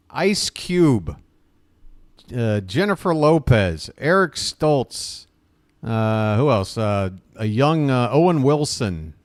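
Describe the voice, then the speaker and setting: A man's voice: mid-range voice, dry recording, studio quality. Ranting, sarcastic male stream host. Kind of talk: casual livestream chat.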